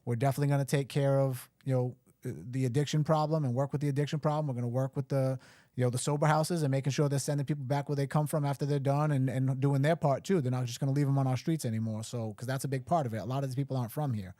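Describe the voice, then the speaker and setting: A man's voice: mid-range voice, steady tone, rapid-fire, warm tone, dry recording, studio quality. A man running for mayor, talking bluntly and emphatically on a live show. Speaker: mayoral candidate guest.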